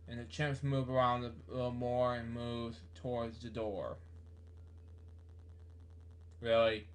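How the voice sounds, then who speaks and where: A man reading a memoir aloud in a halting way, with many fillers and self-corrections. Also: mid-range voice, little pitch movement. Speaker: book reader.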